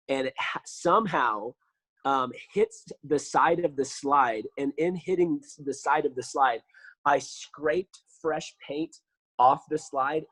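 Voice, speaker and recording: A man's voice: a little high, dry recording, rough recording. A man, a podcast guest telling casual stories full of fillers. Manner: animated storyteller, lots of fillers.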